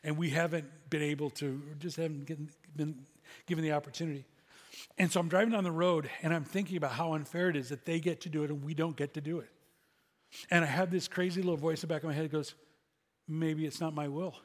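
A man's voice: on the high side, fairly even intonation, fast, in a large hall. A man pastor delivering a sermon in a conversational, self-deprecating way.

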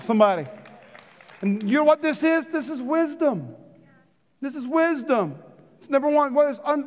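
A man preaching a sermon to his church, animated and chatty, jumping from loud punchy lines to hushed low ones and joking with the congregation. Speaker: pastor. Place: church sanctuary. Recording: long reverb of a big hall.

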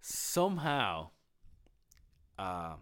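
A young man in casual podcast chat, telling a crude story with lots of swearing, laughing as he talks and shouting out the lines he quotes. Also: low voice, big pitch swings, extremely slow, smooth. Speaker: podcast co-host.

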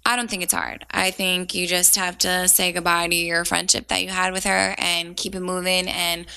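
A woman's voice: on the low side, level tone, moderate pace, creaky, bright, forceful tone, smooth. A woman co-hosting a casual podcast, giving earnest friendship advice and saying "like" often. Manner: earnest, says "like" a lot, laughs easily. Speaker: podcast co-host.

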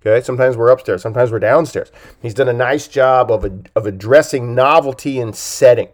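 A man coaching his listeners on a podcast, speaking at an ordinary mid pitch. He presses his points with lively jumps in pitch and loudness. He keeps checking in with a quick "okay?". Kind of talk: podcast talk.

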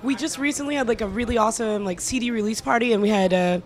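A woman's voice: on the high side, fast. Playful young woman singer. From Louisiana, US. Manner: playful, hesitant, many fillers. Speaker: band singer. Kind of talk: casual interview chat.

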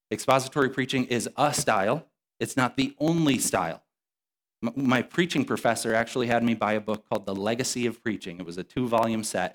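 Conversational pastor preaching a sermon. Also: male voice, mid-range voice. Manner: conversational, explanatory preaching with restarts. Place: church sanctuary.

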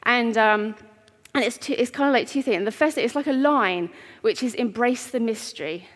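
A woman giving an earnest, heartfelt sermon in a church, with pauses. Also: on the high side. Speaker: preacher. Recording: long reverb of a church hall.

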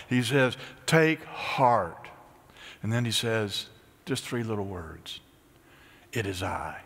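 A pastor preaching a sermon, swinging from high, excited bursts to hushed, near-whispered lines. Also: male voice, in a large hall. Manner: animated, rising to high excited peaks then dropping to hushed near-whispers.

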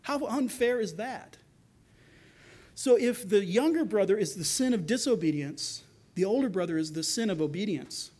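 A man's voice: high-pitched, a little fast. A man preaching a sermon, speaking animatedly and voicing the characters in the passage as he goes. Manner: animated preaching, acting out characters' quotes with rising intensity. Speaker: pastor.

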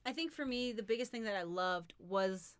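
A woman's voice: medium pitch, moderate pace, smooth. A young woman from Oklahoma who grew up moving between bases, co-hosting a casual podcast chat, bubbly and teasing, laughing often. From Oklahoma, grew up in military bases. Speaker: podcast co-host.

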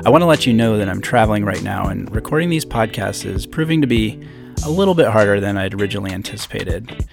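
A man's voice: lowish voice, expressive, fast talker, gravelly, music in the background. A man in his thirties from upstate New York, hosting a solo podcast from a hotel room on a podcast microphone with a pop screen, talking in a conversational way with self-deprecating asides. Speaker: podcast host.

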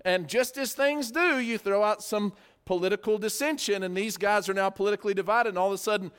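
High-voiced man teaching a sermon. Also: fairly quick, a bit bright, smooth. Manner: conversational, explains verse by verse with asides and repeated words. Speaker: preacher. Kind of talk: sermon, Bible study teaching.

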